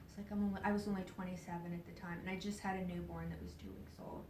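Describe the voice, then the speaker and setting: A woman tells a personal story to a live audience, acting out the voices of others and dropping to hushed whispers, often laughing as she talks. She is heard from far off in a roomy hall, with a faint rumble underneath. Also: fast talker. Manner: animated, acts out quoted voices, drops to hushed whispers; laughs often while talking. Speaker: speaker at a spiritual event. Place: event hall. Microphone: distant camera mic. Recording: roomy, distant live event recording.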